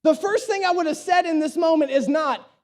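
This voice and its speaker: A man's voice: very high-pitched, brisk. A male pastor preaching a sermon, telling a self-deprecating story with humor and acting out the dialogue. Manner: acts out dialogue in his stories.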